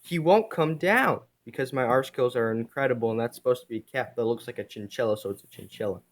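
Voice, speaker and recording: A man casually reading aloud a comic he drew as a kid, speaking quietly and making self-mocking jokes along the way. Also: mid-range voice, steady tone, fast. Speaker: video creator.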